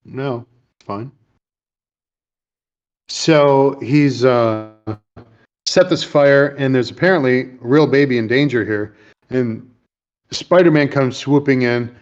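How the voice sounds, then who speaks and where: A man's voice: medium pitch, muffled recording. A man hosting a casual chat, retelling movie scenes in a rambling way and briefly voicing the characters. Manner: rambling, retells scenes with quick put-on lines. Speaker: podcast host.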